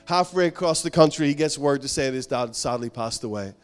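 A man's voice: mid-range voice, fairly quick, faint music behind. A male pastor preaching a sermon in an earnest, conversational way, telling a story and repeating his points. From outside America.

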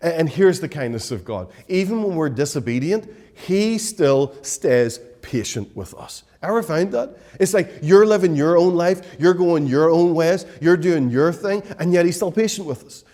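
A man delivers a sermon as pastor. His voice sits a little higher than most men's. He preaches emphatically, repeating his points and asking the listeners rhetorical questions. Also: lively intonation, moderate pace, few pauses, dark tone.

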